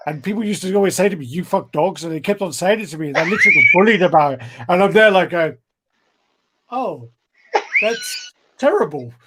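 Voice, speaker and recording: Amid heavy background noise, a male podcast co-host rattles off rambling stories very fast, barely pausing, laughing a lot as he goes. His voice is high-pitched.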